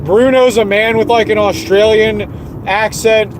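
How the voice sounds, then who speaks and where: A man with a high-pitched voice delivering a heated, profanity-laden rant, repeating himself as he goes. Faint outdoor traffic and car sounds sit in the background. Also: steady tone, a little slow. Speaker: streamer. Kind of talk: angry ranting monologue.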